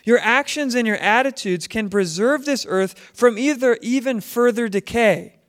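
A man's voice: extremely high pitch, moderate pace, fairly bright tone. A man teaching a Bible lesson as a conversational sermon, asking his listeners questions as he goes. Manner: conversational, asks the audience questions. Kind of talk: sermon to a congregation.

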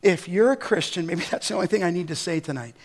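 A middle-aged man with a notably high voice delivers a sermon as a pastor. He preaches emphatically, drawing out verses slowly and building to forceful, near-shouted declarations.

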